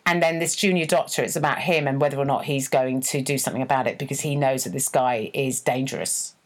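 A woman's voice: extremely low pitch, steady tone, fast talker. A woman co-hosting a podcast, chatting casually and self-deprecatingly, often restarting her sentences. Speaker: podcast co-host. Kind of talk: casual chat.

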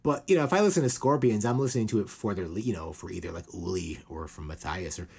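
A man hosting a casual podcast, rambling with lots of fillers and quick put-on quotes. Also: low voice, creaky, darkish tone, breathy edge. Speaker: podcast host.

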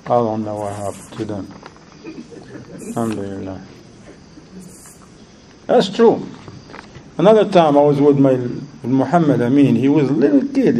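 His medium-pitched voice has a dark tone as he teaches a religious lesson through stories and questions to the audience, often repeating words while he looks for the right one. Slight background noise sits under a low-quality recording.

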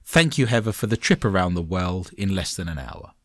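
A man with an English accent hosting a podcast, chatting in a joking, animated way. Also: sits low, fairly quick, dry recording, studio quality. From England. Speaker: podcast host. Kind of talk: casual podcast chat.

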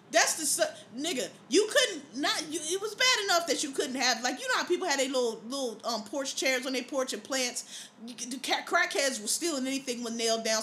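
A woman hosting a podcast in a loose, profane monologue, her voice high and bright. She tells her stories with animation and laughs often, over a faint hiss in the background. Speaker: podcast host.

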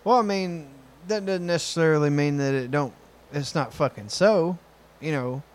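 A man's voice: a little high, normal speed. A man chatting casually, blunt and laid-back, with frequent swearing. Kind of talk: casual chat.

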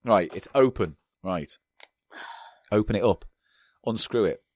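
A man's voice: on the low side, measured pace, darkish tone, no room sound, studio quality. A man who is a guest on a casual comedy chat, rambling and chatty with mock-posh asides, nursing a toothache in a small booth. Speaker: podcast guest.

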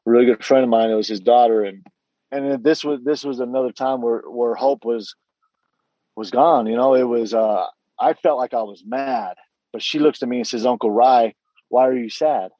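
A man's voice: medium pitch, normal speed, mellow, dry recording, lo-fi sound. A middle-aged man giving a candid personal testimony, telling his story earnestly with frequent restarts and quoted dialogue.

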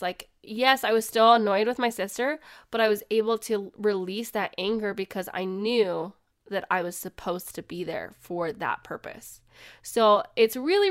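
A woman sharing personal faith stories in an earnest, conversational way, with plenty of filler words. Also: medium pitch. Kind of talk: personal reflective storytelling.

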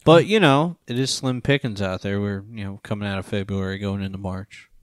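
A man in his thirties hosts a relaxed movie podcast, joking around and trailing off into fillers. His voice sits on the low side. The sound is dry and close. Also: brisk, smooth, dry recording. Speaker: podcast host. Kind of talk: casual movie podcast chat.

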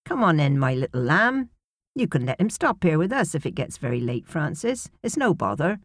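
A woman's voice: low-pitched, very animated, dry recording, clean studio sound. A woman reading an audiobook, voicing a kindly older woman neighbour who speaks in a soothing, motherly way. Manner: warm, soothing and unhurried.

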